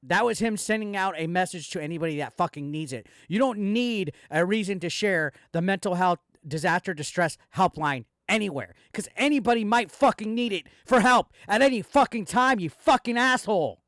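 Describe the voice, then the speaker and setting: Hosting a commentary channel, a man with a notably high voice delivers angry reaction commentary, swearing constantly and ranting heatedly straight at a rival. He's animated and bright-toned, at a moderate pace with hardly any pauses. The recording is dry, with no room echo.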